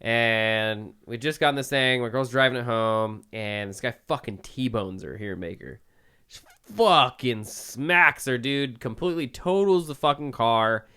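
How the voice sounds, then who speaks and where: Young guy rambling thru a story, swears a lot, says like every other word, smooth clear voice. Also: mid-range voice, measured pace, bright, forceful tone. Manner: profane, rambling with many "like" fillers. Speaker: podcast co-host. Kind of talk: casual storytelling chat.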